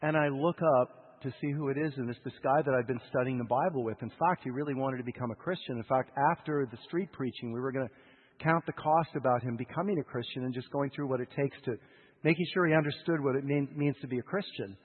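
A man preaching a sermon in a husky voice, telling a story with emotional swings between loud urgency and hushed lows, heard over a tinny radio broadcast. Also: fast. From United States. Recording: tinny radio broadcast with long hall reverb.

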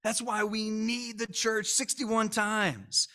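A man preaching a sermon as pastor of his church, emphatic, sometimes shouting and calling on the congregation to repeat his words. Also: high voice, flat delivery, slow pace. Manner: emphatic, rising to shouts at key lines; calls on the congregation to repeat after him.

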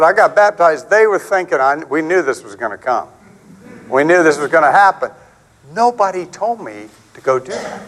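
A middle-aged man preaching a sermon in a conversational, animated way, acting out quotes and stories. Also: poor audio. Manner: animated, conversational, acts out quotes with big pitch swings.

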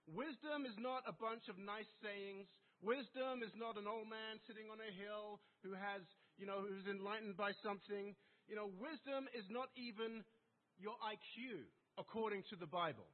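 A man's voice: high voice, moderate pace. A man preaching a sermon, telling a personal story in a conversational way and checking in with listeners. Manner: conversational, asks listeners "right?". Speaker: pastor. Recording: tinny phone-like sound.

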